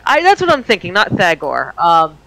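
A man's voice: high voice, wildly swooping pitch, moderate pace, creaky, pushed and bright, poor audio. A man playing in a tabletop game, thinking aloud about his moves in a tentative way. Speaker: player.

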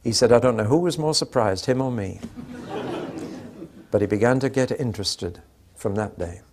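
A man's voice: lowish voice, normal speed, noisy background. An older man preaching a sermon, telling anecdotes with dry humour and acting out the dialogue.

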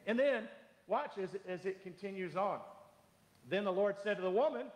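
A middle-aged man preaching a sermon as pastor, animated and humorous, acting out the voices he quotes. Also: high voice, unhurried. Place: church sanctuary. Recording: echoey hall.

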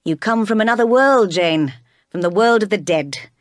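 Teasing intense gentleman, eager; woman reader doing him, storybook. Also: mid-range voice, animated, moderate pace, no room sound, clean studio sound, voice pushed up, close to an everyday voice.

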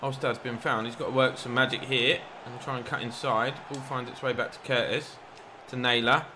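A young man giving lively commentary over his own football video game, getting loud at big chances. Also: mid-range voice, fairly quick, slight background noise. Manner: excitable, shouts at big chances. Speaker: gaming YouTuber. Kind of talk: live gameplay commentary.

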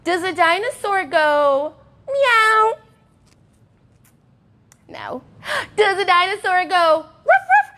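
A young woman teaching a sing-song music and movement class for toddlers, bubbly and encouraging, with excited gasps. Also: very high voice, takes it slowly, long pauses.

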